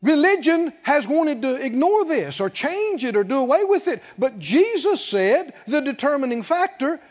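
A man's voice: very high voice, very animated. A man preaching a sermon, emphatic and rhetorical, stretching out key words. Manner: emphatic, rhetorical questions, drawn-out stresses. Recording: dull sound with long hall reverb.

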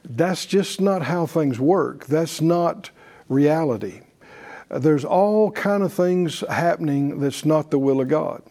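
Mellow-voiced preacher man. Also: fairly high pitch, takes it slowly. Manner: conversational, many fillers and restarts; leads call-and-response. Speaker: pastor teaching a faith class. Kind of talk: sermon-style teaching.

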